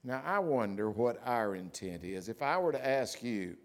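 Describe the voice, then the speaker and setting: A middle-aged man preaching a sermon, telling stories and swinging from loud declarations to hushed asides. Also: mid-range voice, lively intonation, normal speed, few pauses. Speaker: pastor.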